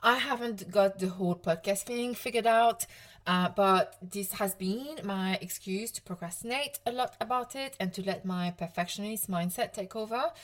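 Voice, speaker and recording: A woman's voice: mid-range voice, moderate pace. A woman in her thirties from Provence with a French accent, hosting her own podcast as a coach in a chatty, self-deprecating way with frequent laughs. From France, Provence. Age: 30s. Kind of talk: casual solo podcast talk.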